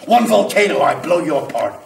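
A man's voice: medium pitch, big pitch swings, moderate pace, a little hiss or hum, lightly acted. Man playing a grandiose fire-obsessed spirit. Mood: grandiose menacing. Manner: theatrical, swinging between boasting and apology. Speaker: stage performer. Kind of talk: live spoken-word theatre. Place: theatre stage. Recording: roomy live venue from far off.

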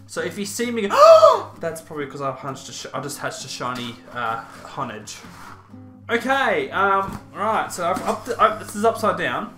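A man's voice: sits high, huge pitch swings, moderate pace, sharp tone. A young man chatting casually through an unboxing, with playful, self-mocking asides. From Australia. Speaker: YouTuber. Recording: roomy echo, faint music.

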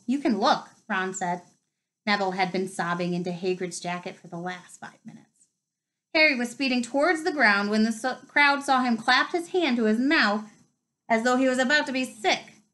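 A woman reading a novel aloud with expressive, lively storytelling. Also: on the high side, rough recording. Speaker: reader.

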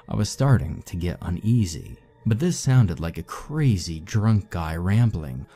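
Deep, dark-voiced male horror narrator. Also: faint music behind. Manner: steady, measured, somber first-person telling.

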